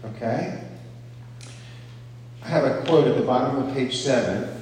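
A man's voice: mid-range voice, measured pace, darkish tone, far from the mic, a little hiss or hum. Man preaching in an echoey hall. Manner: conversational, checks in with "okay?". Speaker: pastor. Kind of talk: sermon teaching.

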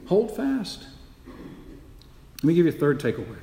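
A man's voice: on the high side, wildly swooping pitch, moderate pace, warm tone. A man preaching a sermon as pastor, emphatic, repeating key phrases and asking the congregation rhetorical questions. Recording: echoey hall with long reverb.

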